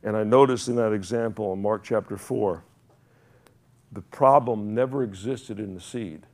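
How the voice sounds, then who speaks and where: A man's voice: on the low side, normal speed, gravelly, a little mellow. Rambling, fervent male preacher. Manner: rambling, self-correcting, builds to fervent emphasis. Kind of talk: sermon.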